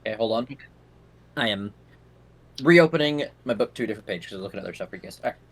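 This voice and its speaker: A man's voice: fairly low pitch, animated, very fast. A young man running a tabletop game as game master, narrating in a casual, rambling way with fillers.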